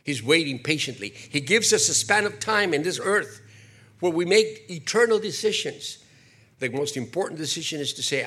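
An older man preaching a sermon, animated, slipping into acted quotes and jokey asides. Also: fairly high pitch, moderate pace, husky. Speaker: pastor.

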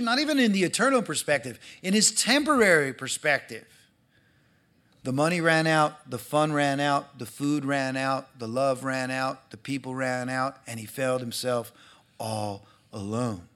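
A man preaching a sermon to his church, acting out the people in the story and swinging between loud and hushed delivery. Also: mid-range voice, unhurried. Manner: animated, acts out quoted voices, swings from loud to hushed. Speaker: pastor.

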